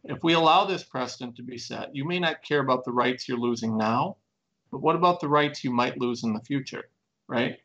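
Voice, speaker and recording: A man's voice: brisk, a bit bright, dull audio. A man speaking earnestly and emphatically in a conversational interview, pressing his points with repeated questions. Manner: earnest, emphatic, building to raised pitch. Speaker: plaintiff in a lawsuit.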